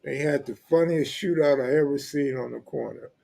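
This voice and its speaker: A man from California runs a live stream, reading viewer comments and joking with them in relaxed street slang. He has a gravelly, mellow, mid-range voice and a moderate pace.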